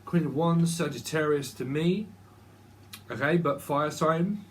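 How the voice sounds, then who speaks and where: A man's voice: on the high side, measured pace, background noise. Rambling man reading tarot. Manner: rambling, repeating words and names. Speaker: tarot reader. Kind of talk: casual channelled tarot reading.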